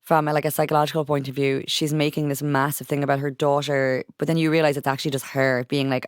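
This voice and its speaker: A woman hosting a podcast, chatting casually and animatedly with plenty of fillers. Her voice is smooth and resonant, recorded dry and close. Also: low-pitched, little pitch movement, fast, few pauses, dry recording. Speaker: podcast host. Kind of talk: casual chat.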